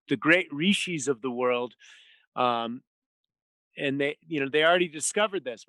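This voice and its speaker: A man with a somewhat high, very bright, forceful voice speaks as a podcast guest. He is emphatic and rattles off lists and numbers, and the sound is dry and close. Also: dry recording. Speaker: podcast guest, health author. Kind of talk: casual conversation.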